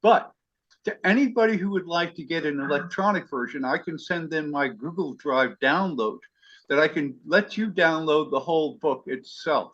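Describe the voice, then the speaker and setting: A man's voice: a little high, a bit bright, muffled recording. Eager man leading an online class. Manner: eager, effusive, spells things out slowly. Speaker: class leader. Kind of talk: hosting an online study class.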